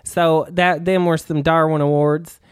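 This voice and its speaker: A man's voice: fairly high pitch, little pitch movement, a little slow, clear, resonant tone, no echo, clean studio sound. A man hosting a crude comedy podcast, rambling and laughing. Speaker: podcast host.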